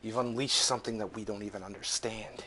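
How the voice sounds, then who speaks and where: A man's voice: on the low side, fairly even intonation, fairly quick, noisy background, natural voice. A man voicing a stern, weary lord. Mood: grave. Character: weary male human lord, stern leader.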